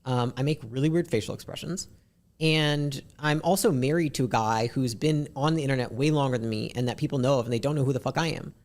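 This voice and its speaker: Woman w a deep raspy voice, blunt podcast guest, swears a lot, talks in quick bursts. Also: a little mellow. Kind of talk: candid podcast conversation.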